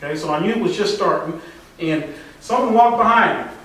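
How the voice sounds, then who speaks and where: A middle-aged man telling a rambling, folksy story to a live audience, halting with fillers. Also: high voice, expressive, a bit bright. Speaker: storyteller at a tall-tale contest. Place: contest stage in a hall. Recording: distant, echoey hall recording.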